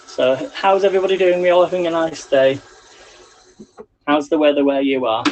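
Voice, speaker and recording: A man's voice: on the high side, normal speed, a little mellow, dull audio, slight background noise. A man hosting a casual live cooking stream from his home kitchen, chatting and rambling to viewers while he cooks. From England. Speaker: livestream cooking host. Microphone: phone on a selfie stick.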